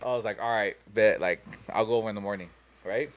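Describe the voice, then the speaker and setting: A young man with a voice on the low side talks fast on a podcast. He tells a long, profane story in a rambling way, packed with "you know" and "like," in a casual storytelling chat.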